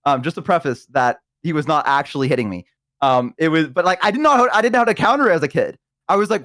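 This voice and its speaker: A young man chatting casually on a stream, telling lively stories and acting out voices with sudden shouts. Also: on the high side, very fast, dry recording, clean studio sound. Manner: animated storyteller, acts out voices and shouts. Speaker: streamer guest. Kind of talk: casual chat.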